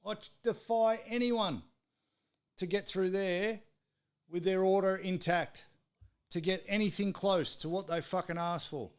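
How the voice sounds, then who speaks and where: A man's voice: high-pitched, steady tone, unhurried, smooth. A man with an Australian accent hosting a live sports stream, swearing freely as he tells exasperated stories. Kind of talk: casual ranting chat.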